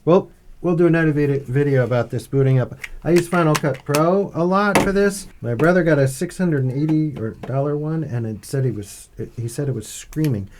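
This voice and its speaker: A man's voice: on the high side, a little fast, darkish tone, a little hiss or hum. A man in his fifties hosting a casual unboxing vlog as a father, patient and teasing, explaining things step by step.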